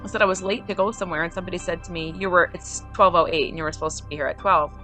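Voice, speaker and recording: Animated woman telling family stories. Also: lowish voice, very fast, soft background music. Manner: animated storyteller, quotes others, laughs often. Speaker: podcast host. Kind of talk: personal storytelling.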